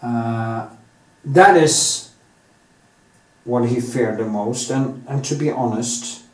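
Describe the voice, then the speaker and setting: A man with a Norwegian accent thinking out loud as he paints, rambling candidly with many restarts and drawn-out stretches. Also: mid-range voice, steady tone. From Norway. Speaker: artist. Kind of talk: casual monologue while painting. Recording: echoey room, mic set at a distance.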